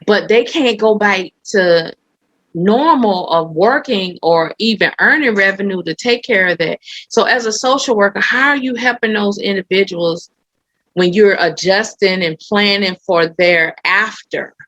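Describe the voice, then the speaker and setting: A woman's voice: medium pitch, unhurried, fairly bright tone, dry recording, highs cut off. A woman podcast host in a conversational interview, asking questions casually and reacting with short engaged replies.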